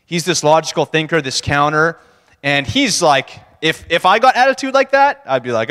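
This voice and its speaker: A man giving a relaxed, conversational sermon in a church, chuckling as he speaks and acting out what people said. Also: on the high side, moderate pace, clear, resonant tone. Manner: conversational, laughing, acts out quotes. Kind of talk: casual sermon talk. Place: church sanctuary. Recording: long church-hall reverb.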